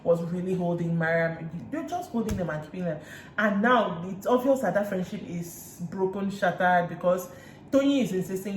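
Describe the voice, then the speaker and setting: A Nigerian woman recapping reality TV in a chatty way, retelling scenes with lively asides. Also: fairly low pitch, normal speed. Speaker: reality TV reviewer. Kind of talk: casual recap chat. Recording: roomy room echo, faint hiss.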